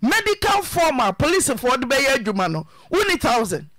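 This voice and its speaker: Ghanaian lady radio counsellor, very high bright voice, scolds and shouts, swoops up and down a lot, dry studio sound. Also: big pitch swings, brisk, no echo. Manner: scolding, emphatic, sometimes shouting. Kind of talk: on-air advice and questioning.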